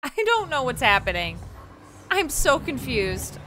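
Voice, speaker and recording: A woman narrating her own gameplay, cursing freely and reacting aloud to every scare. Her voice is on the high side and swings widely in pitch. She talks slowly, with a bright, tense edge. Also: very animated, slight background noise. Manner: swears often, reacts aloud to the game. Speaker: let's play gamer. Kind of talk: gameplay commentary. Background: faint game music.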